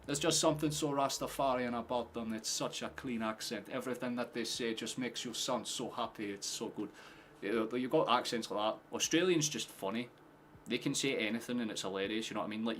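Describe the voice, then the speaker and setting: A man casually commentating a football match live for his stream, chatty, swearing and quick to laugh. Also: medium pitch, fairly bright tone, slight background noise. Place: home streaming setup with headphones.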